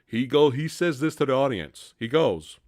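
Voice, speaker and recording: A man hosting a live Q&A stream, chatting casually, swearing freely and laughing loudly. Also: medium pitch, expressive, moderate pace, dry recording, clean studio sound.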